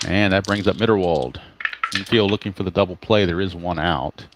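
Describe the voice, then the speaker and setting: A man with a fairly low voice hosts a tabletop baseball simulation, reading dice results and player cards aloud in a relaxed play-by-play. He explains each roll as he goes and breaks off now and then to greet viewers and correct himself. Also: a little fast, background noise. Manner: greets live chat viewers mid-game; talks to himself, corrects his own slips. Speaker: tabletop baseball game host.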